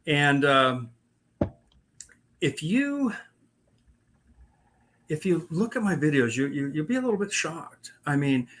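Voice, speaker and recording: Speaking slowly with long pauses, this man's slightly high, sing-song voice has a bit of brightness, with faint background noise behind it. As a paranormal investigator guest, he rambles through his own encounters casually, stumbling over fillers and starting over often.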